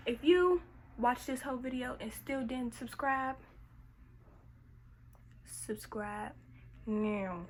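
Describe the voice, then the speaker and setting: A young woman from Washington, D.C., vlogging a story in an animated, slangy, casual way with frequent laughter. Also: a little high, slight background noise, low-quality recording. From Washington, D.C., USA. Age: young adult.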